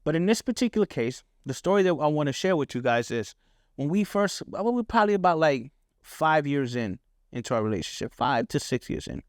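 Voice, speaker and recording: A man's voice: on the high side, sing-song, brisk, dry recording, clean studio sound. A middle-aged man hosting a podcast, telling personal stories in a casual, candid way, often checking in with "right?" and swearing freely. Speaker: podcast host. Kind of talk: personal storytelling monologue.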